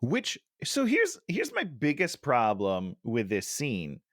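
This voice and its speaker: A man's voice: medium pitch, huge pitch swings, takes it slowly, a bit bright, no room sound, clean studio sound. A middle-aged man co-hosting a casual movie-review chat on a headset, ranting and sighing in exasperation. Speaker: podcast co-host.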